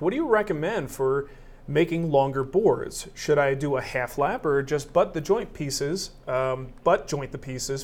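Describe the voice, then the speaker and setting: A middle-aged man co-hosting a woodworking live show, chatty, joking and self-mocking. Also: a little high. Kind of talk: casual live-stream banter.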